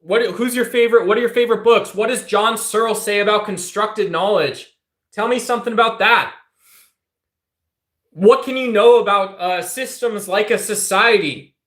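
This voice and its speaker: A man's voice: high-pitched, normal speed, a bit bright, roomy sound. A man hosting a livestream, ranting heatedly and profanely while talking straight to his chat. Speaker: livestream host.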